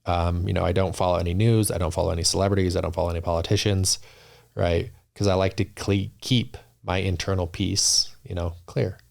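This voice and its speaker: A deep-voiced man with a gravelly edge to his voice. He speaks in an even, steady line as a podcast guest. He is earnest and reflective, and he often circles back and restarts his thoughts. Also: fairly quick. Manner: earnest, reflective, many restarts and "you know". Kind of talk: casual interview talk.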